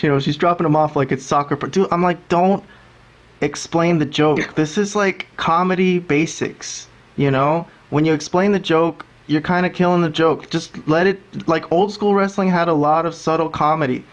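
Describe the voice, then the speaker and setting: A man's voice: fairly high pitch, steady tone, moderate pace. A man hosting a wrestling review podcast, talkative, ranting and mimicking commentators. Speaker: podcast host. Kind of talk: casual wrestling review chat.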